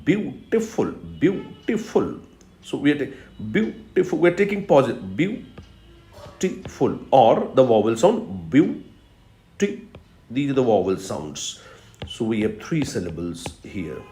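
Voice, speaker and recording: A man giving a recorded lecture on poetry, teaching slowly and emphatically with repetitions and fillers. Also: mid-range voice, big pitch swings, dark tone, soft background music. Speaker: English literature lecturer. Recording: echoey room.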